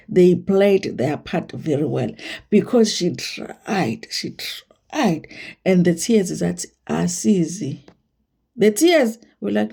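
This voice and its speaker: A woman's voice: fairly low pitch, vocal fry, mellow, breathy edge. A woman with a South African accent hosting a gossip vlog, emphatic and playful, repeating herself for effect. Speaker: entertainment vlogger. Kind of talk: casual gossip commentary.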